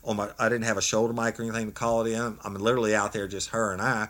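A former police officer with a drawl spins a story in a relaxed, folksy way. His voice sits fairly low, and he keeps things animated with laughter throughout. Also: rapid-fire. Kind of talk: casual storytelling chat.

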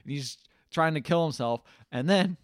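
A man's voice: moderate pace, crowd noise. A man casually recapping a movie on a podcast, acting out quotes and laughing along. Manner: animated, acts out quotes with jumps in pitch and laughs.

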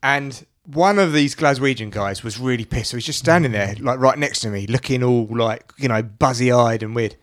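A man's voice: mid-range voice, moderate pace, few pauses. A man hosting a casual chat, telling a story and laughing often as he goes. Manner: laughs often, slips into acted voices in his stories.

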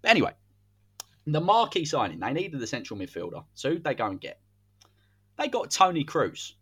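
A man's voice: fairly high pitch, huge pitch swings, a little fast, a bit bright, slightly rough. A man, hosting a podcast and telling a football story in a casual, dramatic way. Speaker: podcast host.

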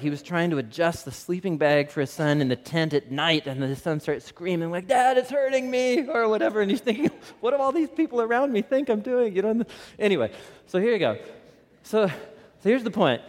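A man in his thirties delivers a sermon, animated and chatty, often checking in with his listeners. His voice sits a little high for a man. A long reverb trails each phrase, as if he is speaking in a large hall. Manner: animated storyteller with laughs and asides to the audience. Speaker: pastor.

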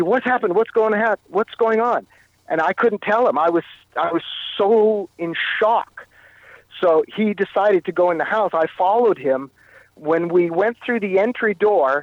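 A man recounting a personal story as an interview guest, halting and often repeating his words. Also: high voice, no echo, phone-quality sound. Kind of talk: telling a personal story in conversation.

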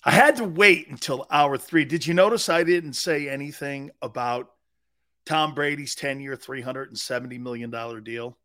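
A man's voice: medium pitch, moderate pace, a bit bright. A man hosting a live sports talk show, telling a long, rambling anecdote in a casual way.

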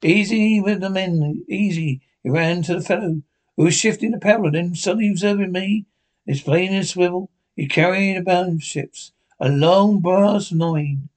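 Man narrating a storybook, a little high. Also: moderate pace, rough recording. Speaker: audiobook narrator.

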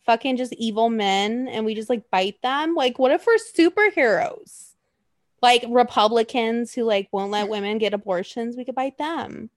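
A woman's voice: on the high side, moderate pace, no room sound. A woman co-hosting a casual chat, rambling and joking, swearing freely. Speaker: podcast co-host.

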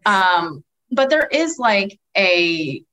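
A woman's voice: medium pitch, big pitch swings, extremely slow, a bit bright, muffled recording, slight background noise. A woman chatting casually as a podcast panelist, rambling and heavy on filler words. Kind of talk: casual chat.

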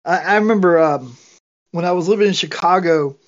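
A man's voice: sits high, a little fast, dull audio. A man from Georgia, US, sharing earnestly in an online bible study, preachy and repetitive, with restarts.

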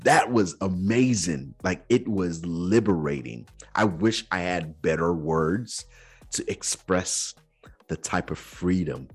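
A man's voice: low-pitched, takes it slowly, husky, soft background music. A man hosting a podcast, earnestly telling a personal story in a reflective way, sometimes using casual slang. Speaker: podcast host.

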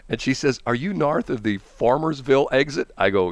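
A man from the Midwestern United States hosts a morning radio show, telling a rambling story in an animated way and laughing often. His mid-range voice moves at normal speed, captured dry on a studio microphone.

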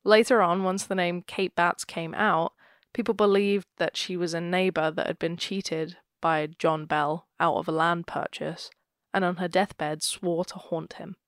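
Chatty giggly woman podcaster, kinda low voice, retelling ghost legends. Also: fairly even intonation, a little slow, few pauses, dry recording, clean studio sound. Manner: giggly, chatty, laughs often. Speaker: podcast co-host. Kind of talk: casual storytelling chat.

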